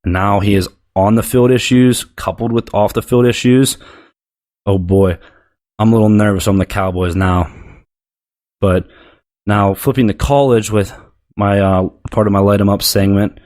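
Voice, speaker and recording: A man's voice: fairly low pitch, fairly even intonation, moderate pace, long pauses, darkish tone. Blunt, profane man ranting on sports. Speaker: sports podcast host. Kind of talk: opinionated sports rant.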